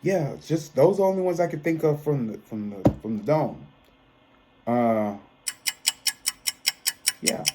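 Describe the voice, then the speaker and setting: A man, giving a chatty, expressive album review that often trails off and restarts. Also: fairly high pitch, a little slow, pauses often, very noisy. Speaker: tarot reader and music reviewer. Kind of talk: casual album review monologue.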